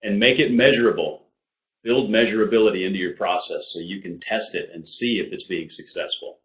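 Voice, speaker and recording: A man from Iowa co-hosting a business show, explaining things in a measured, practical way. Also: on the low side, bright, forceful tone, echoey room, low-quality recording. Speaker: podcast co-host. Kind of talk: casual business chat.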